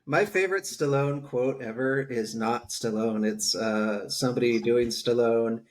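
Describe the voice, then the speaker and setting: A man's voice: medium pitch, a little slow. A man in his thirties co-hosting a podcast, telling rambling stories with casual swearing. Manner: swearing, rambling, animated storytelling. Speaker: podcast co-host. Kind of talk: casual chat.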